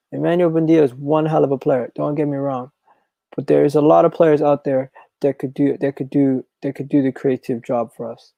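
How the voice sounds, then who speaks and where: Gravelly-voiced man hosting a football stream. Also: medium pitch, no echo, rough recording. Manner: repetitive, restarts phrases, animated and chatty. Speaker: football channel host. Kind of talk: live stream chat reading comments.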